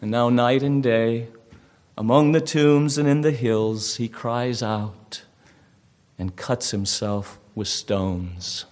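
A man's voice: medium pitch, fairly even intonation, slow, a little mellow, natural voice. A preacher playing a wary local male host who grimly tells of a dangerous neighbor.

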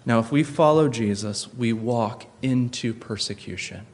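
A man preaching a sermon, earnest, slowing and softening for tender points and rising to emphatic peaks. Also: medium pitch. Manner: drops soft and slow for tender points. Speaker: pastor.

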